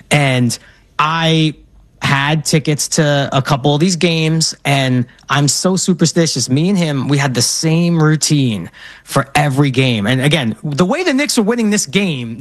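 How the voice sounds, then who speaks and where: A man in his thirties from Brooklyn with a New York accent, telling stories with animated enthusiasm. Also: fairly high pitch, no echo. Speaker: guest. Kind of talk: casual chat.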